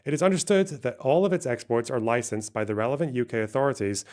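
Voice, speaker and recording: A man's voice: mid-range voice, fast talker, a little mellow. A man, a streamer, reading news articles aloud on a live stream and adding dry asides.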